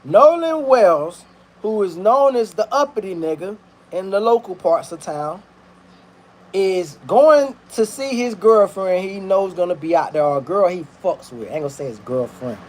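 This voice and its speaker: A man's voice: high-pitched, lively intonation, moderate pace, darkish tone. A man telling a story in a casual, rambling, slang-heavy commentary, swearing freely while he cooks in his kitchen. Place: kitchen, cooking while talking.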